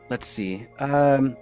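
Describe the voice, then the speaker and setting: A man voicing a brisk, polite woman ship's officer who speaks in a prim, apologetic way. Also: mid-range voice.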